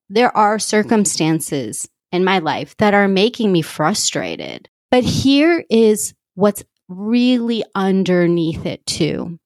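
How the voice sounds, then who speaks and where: Woman life coach, 30s, confessional solo podcast voice, medium pitch, dry booth-like sound. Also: darkish tone, no room sound. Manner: open and confessional, emphatic repeats. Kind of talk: candid solo podcast talk.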